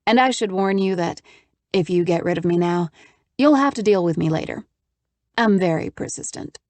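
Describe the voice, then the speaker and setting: Woman voicing a crisp, determined young woman. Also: medium pitch, animated, normal speed, a little mellow, no echo, natural voice. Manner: crisp, businesslike. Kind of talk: audiobook character voice.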